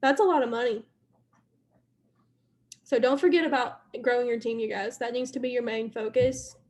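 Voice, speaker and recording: A woman's voice: a little high, steady tone, moderate pace. A young woman leading her sales team in a casual motivational live stream, chatty and repetitive, talking straight to her viewers.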